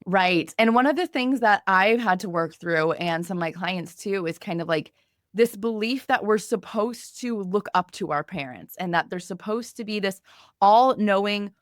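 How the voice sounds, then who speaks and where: A woman's voice: medium pitch, moderate pace, no echo, studio quality. A woman hosting a podcast as a binge eating coach, talking reflectively with frequent affirming murmurs. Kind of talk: casual podcast conversation.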